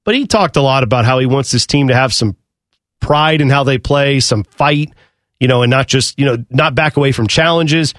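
A man's voice: medium pitch, moderate pace, a bit bright, no room sound, studio quality. A man co-hosting a sports radio show, talking casually and musing about the game. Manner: conversational, musing.

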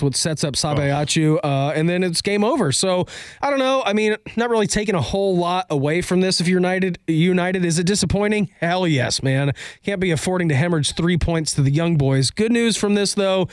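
A man co-hosting a podcast, chatting casually and bluntly about soccer, getting excitable. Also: a little high, clear, resonant tone, no room sound. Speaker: podcast co-host. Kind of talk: casual sports chat.

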